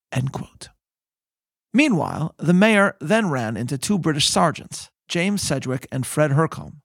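A man hosting a podcast, telling history in measured, scripted narration that slows for emphasis. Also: fairly high pitch, animated, vocal fry, slightly rough, dry recording, clean studio sound. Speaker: podcast host.

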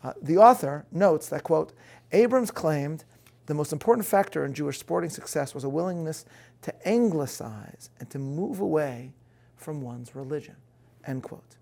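A man with a gravelly edge to his voice delivers a prepared talk to a live audience. His pitch sits a little high for a man, and he speaks earnestly, building emphasis as he goes. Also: animated, normal speed, darkish tone. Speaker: speaker giving a talk on faith.

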